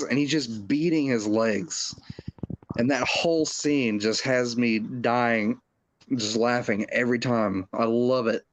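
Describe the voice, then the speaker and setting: A man talks through a film with a slow, unhurried pace and a middle-pitched voice. He rambles, restarting sentences and filling gaps with "like" and "you know" in easy podcast chat. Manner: rambling, many fillers and restarts. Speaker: podcast co-host. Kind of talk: casual film discussion.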